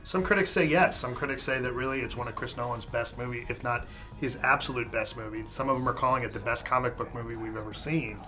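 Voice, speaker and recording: A man's voice: mid-range voice, quick pace, music in the background. A man co-hosting a film review show, talking through critics' opinions in a casual, conversational way.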